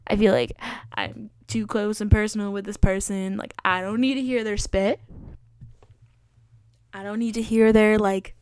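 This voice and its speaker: A woman's voice: medium pitch, steady tone, moderate pace, long pauses, darkish tone, clean tone, dry recording. A woman hosting a solo podcast, rambling and joking about herself with lots of fillers. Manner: rambling, joking and self-mocking; chatty with many fillers. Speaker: podcast host. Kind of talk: casual solo podcast chat.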